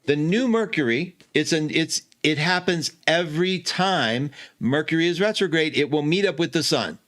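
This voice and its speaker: A man with a somewhat high voice explains an astrology chart in a loose, chatty way. He jumps up and down in pitch, laughs at himself, and fixes his own slips as he goes, like a host teaching from his home computer. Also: normal speed. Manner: chatty, animated, self-correcting with laughs. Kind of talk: casual teaching talk.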